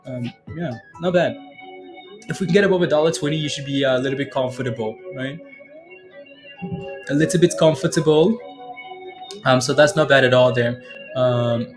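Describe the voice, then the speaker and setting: Chatty trading streamer over faint music. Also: male voice, mid-range voice, fairly even intonation, a little fast. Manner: chatty, filler-heavy, keeps adding "right?" and addressing viewers by name. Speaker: livestream day-trading host. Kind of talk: casual live chart commentary reading chat.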